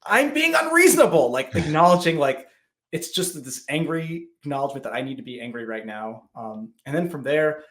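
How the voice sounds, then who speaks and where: A podcast guest, a man in his thirties, talks briskly at a medium pitch in a casual interview. His storytelling is lively, and he acts out the lines he quotes from himself.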